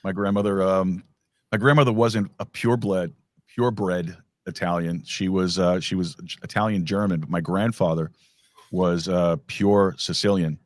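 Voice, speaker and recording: A man's voice: sits low, steady tone, normal speed, no echo, studio quality. A man hosting a podcast, chatting casually and rambling with lots of restarts and fillers. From New York. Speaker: podcast host. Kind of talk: casual conversation.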